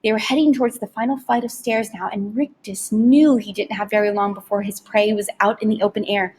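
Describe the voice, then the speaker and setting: A woman narrating an audiobook in a steady, expressive storytelling voice. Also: mid-range voice, a little fast, breathy edge. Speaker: audiobook reader.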